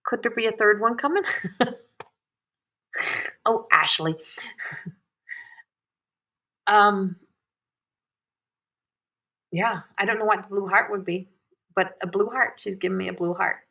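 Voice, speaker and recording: A woman in her thirties, a psychic medium hosting a live stream, talking softly and emotionally with sighs and pauses. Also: medium pitch, vocal fry. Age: 30s. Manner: soft, emotional, tearful at times, frequent sighs. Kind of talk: live-streamed reading, casual chat.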